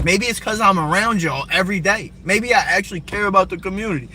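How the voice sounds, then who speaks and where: Confrontational New man with a bright voice. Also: high-pitched, fast, hardly any pauses, slight background noise. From Brooklyn, New York. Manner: confrontational, profane, fires rhetorical questions. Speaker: livestreamer. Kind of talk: heated livestream rant answering viewers. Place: parked car on a city street. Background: faint music playing.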